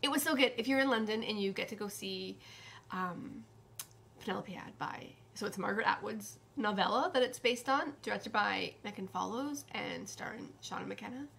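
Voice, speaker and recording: A woman's voice: medium pitch, normal speed, vocal fry, a bit bright, slight background noise. A woman hosting a knitting podcast in casual chat, rambling and often dropping to a whisper.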